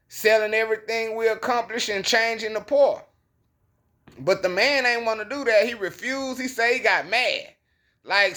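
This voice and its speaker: A man's voice: very high voice, bright, forceful tone. A man giving a casual, slangy Bible lesson, telling the story in an emphatic conversational way. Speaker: bible teacher. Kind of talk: casual preaching monologue.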